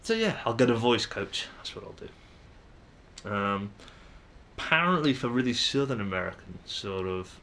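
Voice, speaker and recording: A man's voice: mid-range voice, lively intonation, a little slow, bright, forceful tone. A young man with a Manchester English accent, musing aloud to camera in a casual vlog, hesitant and full of ums and restarts. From England. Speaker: vlogger.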